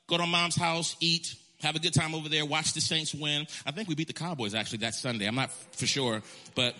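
Bright, animated male pastor preaching. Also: a little high. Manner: animated, repetitive restarts, emphatic. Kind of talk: storytelling sermon.

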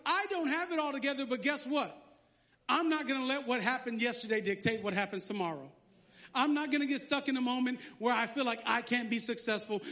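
High-voiced joking man preaching. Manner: lively, joking preacher with sarcastic asides. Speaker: pastor. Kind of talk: sermon.

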